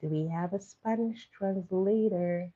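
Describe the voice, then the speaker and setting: At a measured pace and with a lowish, dark voice, a woman runs trivia for her live stream audience in a casual way. She gently coaxes the chat and repeats every question after reading it. The stream audio is dull and lo-fi.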